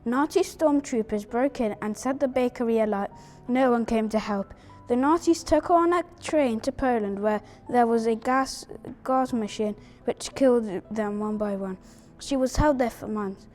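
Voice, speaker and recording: A woman's voice: fairly high pitch, moderate pace, darkish tone, soft background music. A woman reading a prepared family account aloud at a memorial event, careful with small stumbles.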